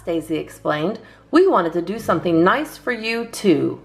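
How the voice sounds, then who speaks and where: Lively woman reading a storybook. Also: on the low side, a little slow, gravelly, hardly any pauses, faint music behind. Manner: lively, sing-song reading with cheerful character voices. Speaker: children's story reader. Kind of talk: read-aloud storytime.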